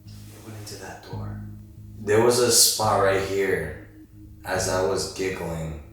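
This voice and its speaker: A man investigating a haunted house, calling out to spirits in a slow, hushed voice. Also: deep voice, recorded from a distance. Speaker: paranormal investigator. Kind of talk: ghost hunting vlog narration. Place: dark empty room in an old house. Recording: very echoey room, music underneath.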